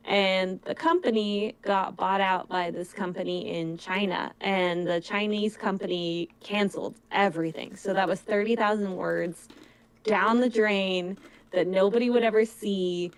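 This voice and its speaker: Woman, casual chat, filler-heavy, answering questions, roomy echo. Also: medium pitch. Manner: chatty, heavy use of "like". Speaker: script writer, co-host of a live Q&A.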